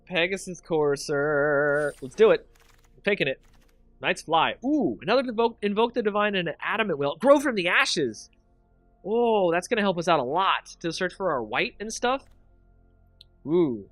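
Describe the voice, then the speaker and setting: A man hosting a stream, commenting casually on his game picks and talking with chat, excitable and quick to laugh. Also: high-pitched, no echo, soft background music. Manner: excitable, chatty, thinks aloud and laughs a lot. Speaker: streamer and channel host.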